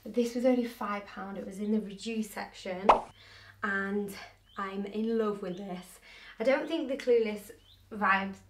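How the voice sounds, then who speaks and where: A woman's voice: mid-range voice, measured pace. A young woman chatting in a casual clothing try-on haul, bubbly and hyped up. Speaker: fashion vlogger. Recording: roomy echo, distant mic, faint noise.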